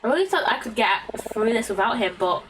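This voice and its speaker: A British woman voicing an anxious, guilt-ridden young woman in a video game, reading softly and hesitantly. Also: fairly high pitch, animated, quick pace, far from the mic, background noise, lightly acted. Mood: guilty, anxious.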